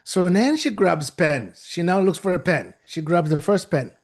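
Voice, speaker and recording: Male guest speaker, high and gravelly, animated storyteller. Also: moderate pace. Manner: animated, acts out the people in the story; restarts and repeats himself for effect. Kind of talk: storytelling talk.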